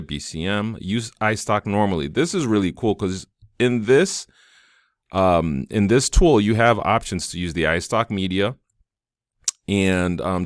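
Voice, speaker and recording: A man with a very deep voice talks through a software tutorial as he clicks along. He is casual and enthusiastic, thinking aloud with plenty of fillers. The sound is dry and close, with no room echo. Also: clean tone. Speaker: tutorial host. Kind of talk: screen-recorded software tutorial.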